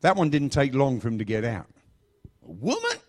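A man's voice: mid-range voice, animated, fast, darkish tone. A middle-aged man from England preaching in a chatty, joking storytelling style. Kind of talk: storytelling sermon.

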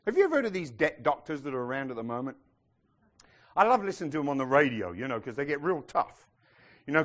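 A man preaching a sermon to his congregation, animated and sometimes shouting as he acts out the people in his stories. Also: fairly high pitch. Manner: animated, acts out quoted voices, some shouting.

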